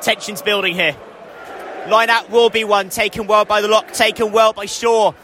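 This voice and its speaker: High bright-voiced young male rugby commentator. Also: normal speed, a little hiss or hum. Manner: excitable, rising to shouts at scores. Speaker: match commentator. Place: outdoor stadium stand.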